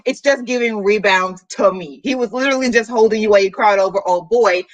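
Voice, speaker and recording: A woman's voice: mid-range voice, a little fast, lo-fi sound. A woman hosting a reading vlog, recapping a book in casual, slangy chat. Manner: animated, chatty, slangy.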